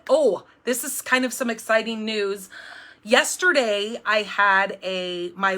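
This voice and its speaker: Bright, chatty middle-aged woman. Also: medium pitch. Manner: rambling and upbeat, with frequent fillers and restarts; jumpy, self-described. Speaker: card-making demonstrator hosting a live stream. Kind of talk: chatty live-stream craft talk.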